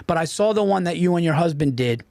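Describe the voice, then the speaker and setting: A man hosting a podcast in casual chat, rambling and animated, with lots of restarts. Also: a little high, fast, creaky, no room sound, studio quality. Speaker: podcast host.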